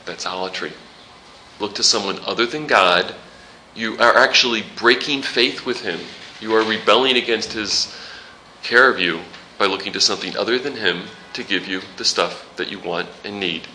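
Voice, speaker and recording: Bright-voiced man preaching in an echoey hall. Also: lowish voice, normal speed, a little hiss or hum. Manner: animated, jokey preaching with rhetorical questions. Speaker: pastor. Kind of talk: sermon.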